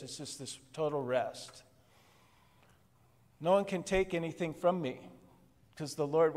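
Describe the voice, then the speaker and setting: A male pastor preaching a conversational sermon at a midweek church service, chuckling softly between points. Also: a little high. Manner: conversational preaching with soft laughs. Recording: long reverb of a church hall.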